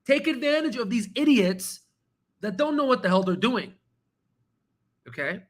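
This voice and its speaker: A man hosting a stock trading channel, talking casually and excitably while going through charts, swearing now and then and repeating himself as he rambles. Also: extremely high pitch, unhurried. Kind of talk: casual screen-share market commentary.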